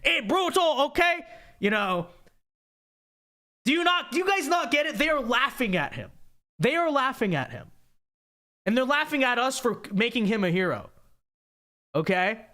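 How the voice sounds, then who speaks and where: Young man, livestream host, lively rising and falling voice, bright tone, emphatic rant. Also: very high-pitched, normal speed, long pauses. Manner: animated, emphatic, repeats himself, ranting.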